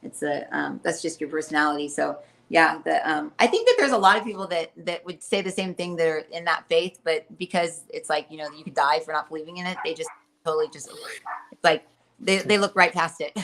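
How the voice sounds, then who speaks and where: A woman medium talks quickly and eagerly, her voice bright and forward. She describes visions in a loose, chatty way. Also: deep voice, vocal fry. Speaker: medium and podcast co-host. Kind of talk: casual spiritual chat.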